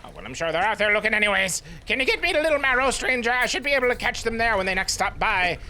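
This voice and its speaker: A dramatic male castaway from a video game, as a man puts him on, speaking in a raised, swooping, exclamatory voice. He sounds theatrical and desperate, with a bright edge to every line. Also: high-pitched, expressive, rapid-fire, a little hiss or hum, voice pushed up, heavily acted. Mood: pleading. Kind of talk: voicing game characters in a let's play.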